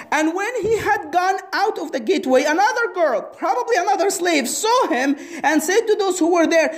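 A woman preaching a sermon, asking the audience questions and acting out the story. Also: high voice. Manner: animated, asks the audience questions.

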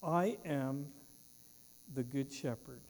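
A man's voice: mid-range voice, takes it slowly, darkish tone, long reverb tail. A man preaching a sermon as pastor, with an emphatic cadence that trails off at the ends of phrases. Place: church.

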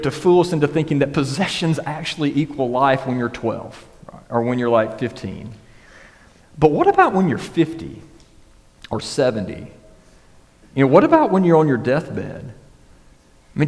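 With a mid-range, somewhat dark voice trailed by long reverb, this man preaches as a pastor in an easygoing, conversational style. Frequent "right?" and "y'all" keep the congregation involved.

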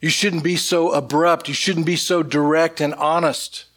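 An exasperated wife, as a male preacher puts her on in his own fairly high voice. She scolds her husband and lays out, step by step, how he should have broken the bad news. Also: steady tone, measured pace, fairly bright tone.

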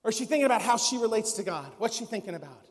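A man's voice: high-pitched, expressive, racing, long reverb tail. A man preaching a sermon as a pastor, conversational, with many rhetorical questions.

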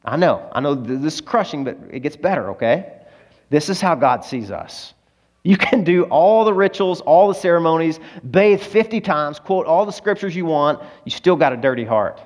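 A man preaching a sermon as a pastor. His delivery swings between loud emphasis and hushed, low moments, and he is emotional, close to tears. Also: animated, moderate pace.

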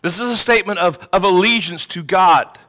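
Bright, high-voiced preaching man. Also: a little fast. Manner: expository preaching, emphatic when quoting scripture. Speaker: pastor. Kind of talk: sermon.

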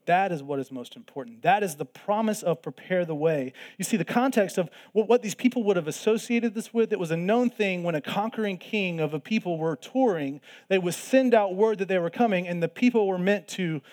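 A man's voice: high-pitched, darkish tone. A man preaching a sermon in an earnest way, repeating phrases for emphasis. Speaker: pastor.

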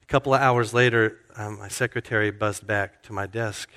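Conversational preacher in a reverberant hall. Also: male voice, fairly low pitch, fairly even intonation, normal speed, pushed and bright. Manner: conversational, self-correcting storyteller. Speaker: pastor. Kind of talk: sermon with personal storytelling.

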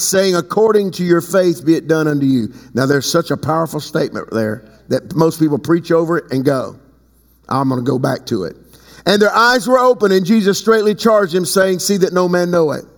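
High-voiced preaching man in a reverberant church. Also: lively intonation. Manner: preaching with sudden pitch leaps and slow emphatic stretches. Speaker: pastor. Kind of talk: sermon. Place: church sanctuary. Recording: long hall reverb.

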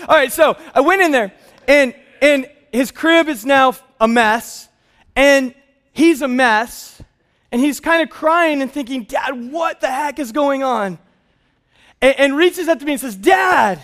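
Male pastor, high voice, animated storytelling, thirties, sermon. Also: smooth.

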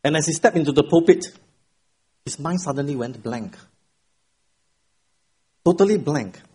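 Warm, husky-voiced male pastor preaching. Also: on the high side, a little slow. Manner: expressive storytelling, rising for emphasis, then dropping quiet. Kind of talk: sermon with an opening joke and prayer. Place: church sanctuary at the pulpit.

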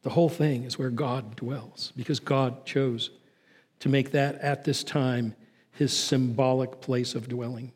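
A man preaching a sermon as pastor, swinging from raised, urgent lines to low, quiet ones. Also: fairly even intonation, a little slow, long reverb tail. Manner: preaching with rising and falling intensity, dropping low and soft on key lines.

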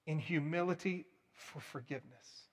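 A man delivers a sermon with earnest emphasis. His voice sits a little high for a man. He pushes key words out loudly, then drops to a quiet, hushed appeal. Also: moderate pace, slightly rough. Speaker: preacher.

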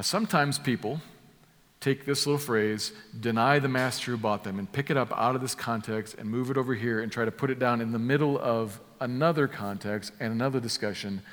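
A man's voice: mid-range voice, a bit bright. A man preaching an expository sermon, explaining a passage in an emphatic way and repeating key words for stress. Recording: long hall reverb.

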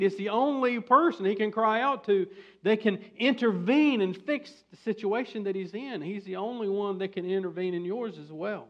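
A man preaching a sermon as pastor, building to emphatic, forceful bursts. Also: high voice, highs cut off.

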